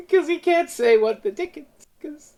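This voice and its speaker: A woman co-hosting a casual review podcast, animated and swearing freely, acting out characters as she talks. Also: high-pitched. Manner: animated, acts out characters in exaggerated voices. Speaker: podcast co-host.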